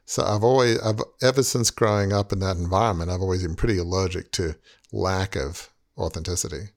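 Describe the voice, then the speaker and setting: A man's voice: low voice, a little fast. A man in his sixties hosting a podcast, talking in an earnest, rambling way with many "you knows". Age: 60s. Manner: earnest, rambling, heavy use of "you know". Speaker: podcast host. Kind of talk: reflective podcast conversation.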